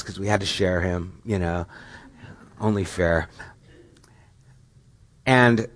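A middle-aged man preaching a sermon as pastor, earnest and questioning, with rising emphatic stretches. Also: lowish voice.

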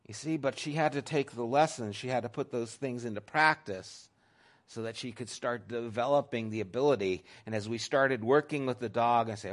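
Middle-aged guy pastor giving a sermon, chatty, gets loud then drops way down soft. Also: medium pitch, normal speed. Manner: conversational preaching, swings from loud emphasis to soft hush.

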